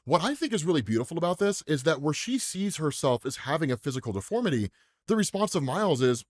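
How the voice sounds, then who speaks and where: A man's voice: a little high, big pitch swings, fast talker. An American man hosting a comics commentary channel, chatting casually and tacking "right?" onto his sentences. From United States. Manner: chatty, says "right?" constantly, laughs often. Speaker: comics explainer channel host.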